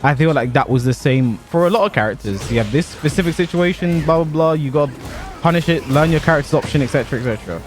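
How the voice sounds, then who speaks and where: A young man chatting casually about a fighting game while he plays, animated and given to exaggeration, laughing at himself now and then. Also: a little high, fast, faint music behind. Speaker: pro fighting game player and content creator. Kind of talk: casual commentary over gameplay.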